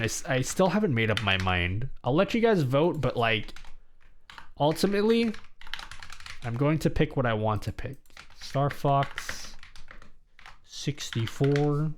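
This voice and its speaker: Lively, animated young male streamer. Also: medium pitch. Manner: reads chat messages aloud and answers them; rambling, with frequent restarts. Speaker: livestreamer. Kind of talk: casual live-stream chat.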